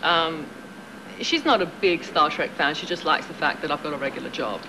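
A woman's voice: low voice, normal speed. A woman with a London British accent, a guest on a talk show, chatting frankly and joking about her work and family. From England. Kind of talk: casual chat. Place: TV studio with audience. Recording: hissy dull 1990s TV broadcast.

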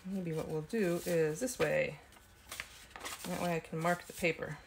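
A woman's voice: lowish voice, fairly even intonation, unhurried, creaky, noisy background. A woman hosting a casual craft video, chatting and thinking aloud as she works at her desk. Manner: talks with frequent ums and small laughs. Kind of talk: casual craft tutorial chat.

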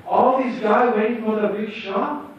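A man doing an impression of an eccentric, intense man who speaks halting, emphatic broken English, with a raised voice, in a cinema. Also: sits high, steady tone, a little hiss or hum, voice pushed up, close to an everyday voice. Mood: eager. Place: cinema stage before an audience. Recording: echoey hall from far off, dull.

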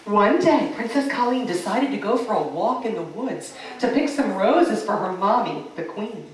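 A woman telling a fairy tale to children at a party, animated and coaxing, getting the children to join in. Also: mid-range voice, moderate pace, slight background noise. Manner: animated, coaxing, sing-song. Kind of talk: interactive storytelling for children. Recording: echoey room, mic far off.

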